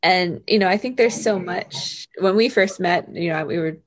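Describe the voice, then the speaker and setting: A woman's voice: on the low side, moderate pace. A woman hosting a health podcast, reading an upbeat scripted intro and then chatting enthusiastically with her guest. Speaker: podcast host and health coach.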